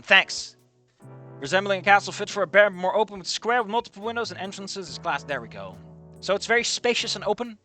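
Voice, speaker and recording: A man's voice: high voice, pushed and bright. A man reading a story aloud casually and commenting on it with sarcastic, swearing asides. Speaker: reader and commentator.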